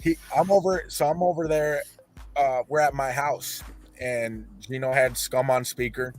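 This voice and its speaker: A man's voice: medium pitch, steady tone, a little slow, soft background music. A man telling rambling, profane stories as a podcast host in casual chat.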